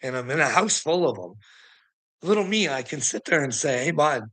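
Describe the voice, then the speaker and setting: A man's voice: fairly high pitch, expressive, moderate pace, a bit bright. A man on an angry livestream rant, swearing heavily and sounding bitter and indignant. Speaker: streamer.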